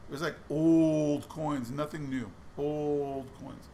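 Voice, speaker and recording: A man's voice: fairly high pitch, fairly even intonation, takes it slowly, mellow, slight background noise. A man chatting casually while going through boxes of coins, telling stories with lots of restarts. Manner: chatty storytelling with many restarts. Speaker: coin roll hunting vlogger.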